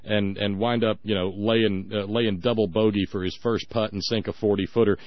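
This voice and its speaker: A man's voice: fairly low pitch, flat delivery, normal speed, no echo, dull audio. A man hosting a radio talk show, giving sarcastic, emphatic commentary with frequent restarts.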